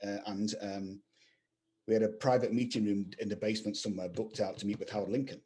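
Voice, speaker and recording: A man's voice: lowish voice, steady tone, quick pace, dark tone. A middle-aged man, a guest video game composer, rambling through anecdotes with lots of "you know" fillers in casual chat. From England.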